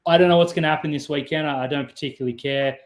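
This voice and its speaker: A man's voice: fairly high pitch, fairly even intonation, very fast, roomy sound. A man co-hosting a sports podcast over a remote call, upbeat and joking. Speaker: podcast co-host. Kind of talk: casual sports chat.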